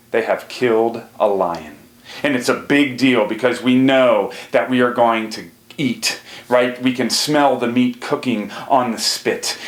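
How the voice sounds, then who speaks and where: A man in his thirties giving a recorded theater lecture, telling stories and often checking in with "right?". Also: medium pitch. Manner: animated, storytelling with lots of "right?". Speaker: college theater instructor. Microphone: recording for a video lecture. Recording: echoey room.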